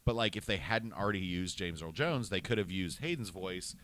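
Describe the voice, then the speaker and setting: A man co-hosting a podcast in casual chat, rambling and excitable, often restarting his sentences. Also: sits low, fairly quick, no echo. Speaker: podcast co-host.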